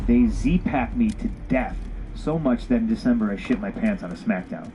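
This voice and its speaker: A man recounting his wrestling days in a blunt, profanity-laced interview, his voice rising whenever he acts out old arguments. The clip plays under loud game gunfire and battlefield noise that never lets up. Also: medium pitch, moderate pace, hardly any pauses. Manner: profane, animated, acts out quoted dialogue. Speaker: interview guest, former pro wrestler. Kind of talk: candid storytelling in an interview. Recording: podcast audio played over loud game gunfire.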